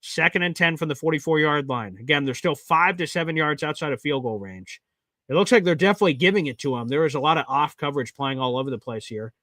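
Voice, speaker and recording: A man's voice: a little high, fast, pushed and bright, dry recording. A man hosting a live watch party stream, calling play-by-play and getting exasperated at bad plays.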